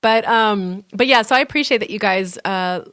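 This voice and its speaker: A woman's voice: mid-range voice, normal speed, a bit bright, clear, resonant tone, dry recording. A woman co-hosting a podcast in a small studio, chatting casually with lots of fillers and playful teasing. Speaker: podcast co-host.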